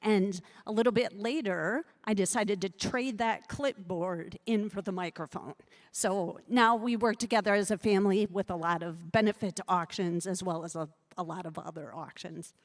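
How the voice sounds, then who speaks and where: A woman's voice: mid-range voice, normal speed. Woman from Iowa, auctioneer guest, cheerful, confident, casual interview. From Iowa, USA.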